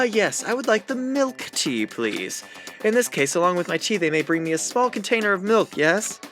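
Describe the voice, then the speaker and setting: A man's voice: sits high, bright, forceful tone, exaggerated voice. A man voicing a prim, haughty young woman gambler from a game, reading her lines aloud in a lofty, fussy way.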